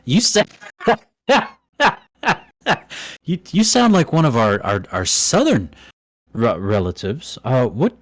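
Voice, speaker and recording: A man's voice: medium pitch, huge pitch swings, slow pace, pauses often, dry recording, full character voice. A man voicing a nervous female dwarf commoner who stammers and hesitates in a tabletop game. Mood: nervous, stammering.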